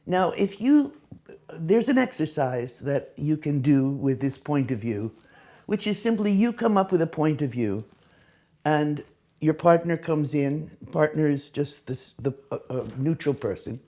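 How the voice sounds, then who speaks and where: Acting teacher, woman, low gravelly voice, lively and expressive. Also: unhurried. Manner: animated, acts out examples in quoted voices. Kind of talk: teaching talk to camera.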